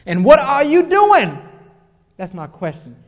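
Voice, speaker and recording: A man's voice: very high-pitched, wildly swooping pitch, measured pace, big-room sound. A male pastor delivering an emphatic sermon, repeating phrases and asking the congregation rising questions.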